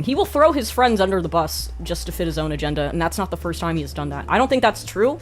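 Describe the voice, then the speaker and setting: A woman's voice: fairly low pitch, big pitch swings, fast talker, soft background music. A young woman telling a casual storytime vlog, blunt and profane with sarcastic asides. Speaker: video creator.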